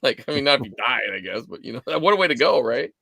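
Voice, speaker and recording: A man in his forties co-hosting a live stream show, telling stories in a rambling, animated way with lots of fillers. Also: medium pitch, quick pace, creaky, husky, dry recording, studio quality. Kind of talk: casual chat.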